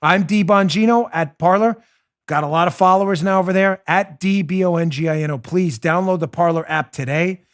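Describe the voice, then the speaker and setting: A fairly high-pitched middle-aged man hosts a talk show with a sarcastic, mocking edge. He swings between brisk asides and loud, theatrical rants. His voice rides up and down as he needles his targets. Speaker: host. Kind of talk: opinionated political talk show.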